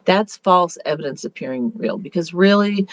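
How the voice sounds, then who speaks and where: A woman's voice: fairly low pitch, lively intonation, normal speed, no echo. A woman beauty consultant talks to her group in a loose, chatty way. She sounds upbeat and often circles back mid-sentence to restart her point. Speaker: beauty consultant leading a meeting. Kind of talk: casual motivational talk.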